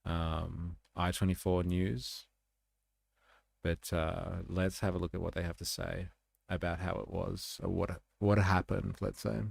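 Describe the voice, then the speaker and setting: A man hosting a live stream, chatting casually about the news, reading chat aloud and thinking out loud with many fillers. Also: low-pitched, level tone, a little slow, gravelly, no echo, studio quality. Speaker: livestream host.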